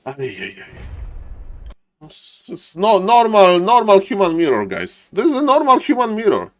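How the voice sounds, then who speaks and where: A male esports caster with a fairly high voice, speaking English as a second language. He calls a live strategy game match, spiking into excited shouts at key plays. Between fights he jokes and chats with his viewers. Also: measured pace. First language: not English.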